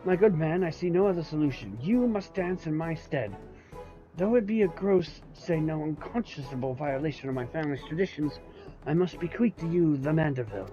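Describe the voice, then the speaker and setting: A man voicing a pompous, bumbling gentleman inspector with grandiose, old-fashioned speech, reading game dialogue aloud. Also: on the high side, lively intonation, a little fast, lo-fi sound, faint music behind, natural voice. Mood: theatrical.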